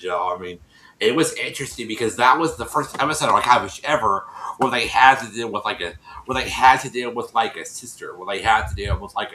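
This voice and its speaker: Bright-voiced man in an echoey room. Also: fairly low pitch, slight background noise. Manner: rambling, repeats and restarts phrases; acts out quoted people in shifting voices. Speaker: show recap host. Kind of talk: casual recap chat.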